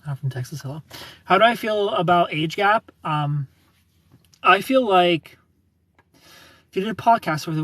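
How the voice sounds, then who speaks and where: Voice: mid-range voice, animated, unhurried, long pauses, fairly bright tone, no echo. A livestreamer in their thirties answering chat comments in a chatty, opinionated way and laughing often. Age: 30s.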